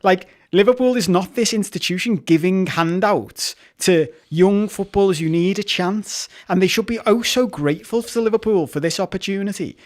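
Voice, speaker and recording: A man with a fairly high voice co-hosts a casual football podcast. He talks with heated passion, swears freely and often restarts his sentences mid-thought. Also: moderate pace, hardly any pauses. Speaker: podcast co-host.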